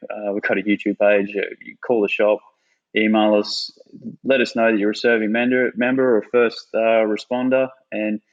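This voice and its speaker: A man's voice: on the low side, flat delivery, moderate pace, muffled recording. A man with an Australian accent chatting casually as a podcast guest, laid-back, swearing freely and saying "mate" a lot. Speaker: guest, former army sniper.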